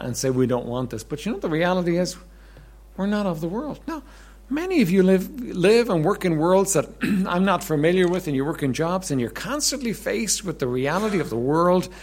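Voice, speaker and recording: Animated, high-pitched male pastor preaching. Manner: conversational, repeats words, clears throat often; swings between emphatic rises and soft asides. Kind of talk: sermon.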